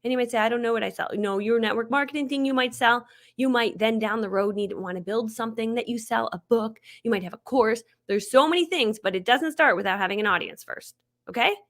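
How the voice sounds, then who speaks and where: Fast-talking, excitable woman marketing trainer. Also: on the high side. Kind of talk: live webinar training.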